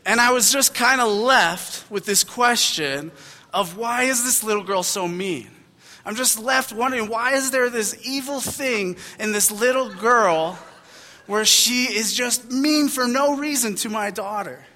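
A man's voice: sits high, a little slow, pushed and bright, big-room sound. A young man preaching a sermon as a pastor, talking in a casual, conversational storytelling way with frequent fillers. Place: church hall.

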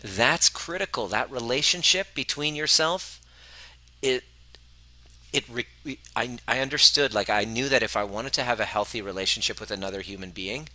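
A man's voice: lowish voice, sharp tone, dry recording, low-quality recording. A man coaching a live audience, earnest and self-reflective, sometimes acting out the voices in his head.

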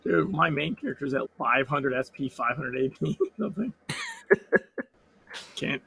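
A hoarse man with a sore throat, chatting and swearing excitedly while playing an online game with friends. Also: medium pitch, a little slow, slight background noise. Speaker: fellow player. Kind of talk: casual gaming chat.

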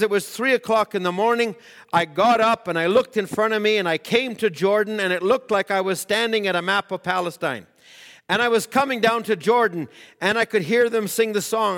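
A man preaching with a high-pitched voice, recounting a story at length and rising into fervent, emphatic cries. His voice rings out with the long reverb of a large hall. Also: a bit bright. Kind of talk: sermon.

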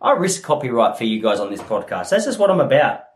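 A man in his thirties hosting a solo comedy podcast, rambling in a self-mocking way and slipping into quick character voices. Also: mid-range voice, big pitch swings. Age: 30s.

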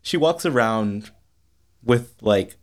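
A man's voice: medium pitch, animated, takes it slowly. Laughing man co-host, easygoing. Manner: laughs often, short agreeing replies. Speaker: podcast co-host. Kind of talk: casual chat.

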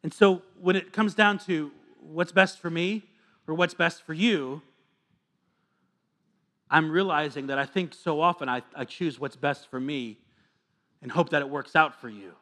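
A man in his thirties preaching a sermon as a pastor, earnest and confessional, moving between hushed asides and fervent appeals. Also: on the high side, a little slow.

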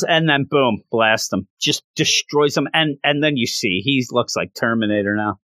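A man giving a casual recap of a story, animated and often restarting his sentences. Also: mid-range voice, normal speed, hardly any pauses, no echo. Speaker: comic book commentator.

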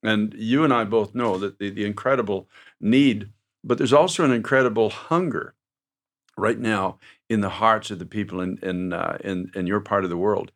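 A man's voice: fairly low pitch, moderate pace. A man hosting a faith talk show, encouraging his guest in a preacher's cadence. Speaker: host.

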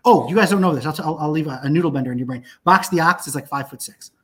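A man's voice: fairly high pitch, racing, fairly bright tone. A man, a filmmaker guest on a talk show, telling stories in a profane, emphatic way with lots of restarts. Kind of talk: animated casual podcast conversation.

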